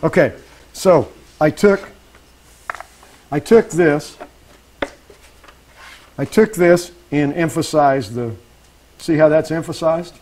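On the high side and slow, with frequent pauses and a darkish tone, this man's voice comes through a rough recording with faint background noise. He's demonstrating woodworking live for an audience, talking as he works, restarting phrases to correct himself and checking in with the room.

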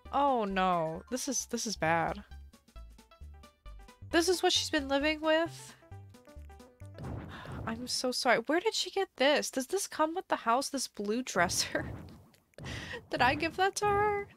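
Slow, chatty woman streamer thinking aloud. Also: high-pitched. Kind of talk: casual live game stream chat.

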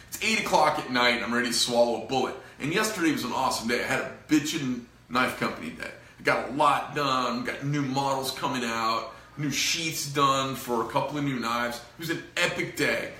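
A middle-aged man vents to camera about his business in a loose, rambling way, swearing freely and sounding fed up. His voice has a bright, forceful edge. The room around him is echoey. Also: medium pitch, fairly quick, few pauses. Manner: profane, frustrated, rambling. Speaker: knife company owner. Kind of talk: casual venting to camera.

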